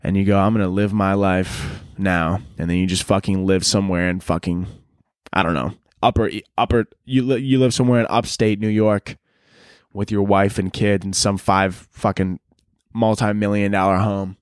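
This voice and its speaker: This young solo podcaster speaks in a fairly low voice with little pitch movement, at a moderate pace, in a clean-toned studio recording with no room sound. Profane and rambling, he rants and jokes and sometimes puts on silly voices.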